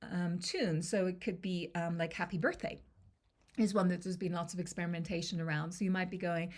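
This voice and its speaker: A woman's voice: lowish voice, steady tone, brisk. A woman confidence coach teaching a lesson to camera in a conversational way, often checking in with the listener.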